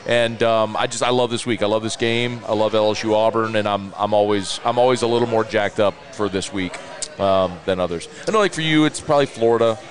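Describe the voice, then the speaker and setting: A man's voice: fairly low pitch, steady tone, fairly quick. A man hosting a sports talk show, chatty and upbeat, laughing easily.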